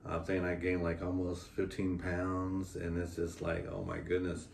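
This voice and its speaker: Low-pitched and gravelly, the man's delivery is completely flat and a little slow, picked up by a distant mic. He's a vlogger and father-to-be chatting with his partner about the pregnancy, rambling heartfeltly with lots of fillers in an echoey room with faint background noise.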